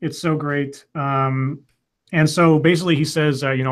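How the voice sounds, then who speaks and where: A man's voice: on the high side, fairly even intonation, moderate pace. A man casually retelling a film plot as a podcast co-host, rambling with fillers and restarts. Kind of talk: casual movie recap chat.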